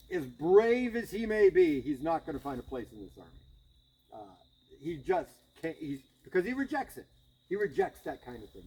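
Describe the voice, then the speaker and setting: A man's voice: high voice, a little mellow, slight background noise, low-quality recording. A man leading a guided battlefield tour outdoors, telling it casually with chuckles and frequent restarts.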